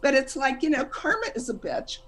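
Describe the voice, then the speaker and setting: A woman's voice: high-pitched, sing-song, fairly quick, a bit bright, slight background noise. A middle-aged woman giving a humorous lecture, chatty and self-deprecating, breaking into laughter as she tells personal stories.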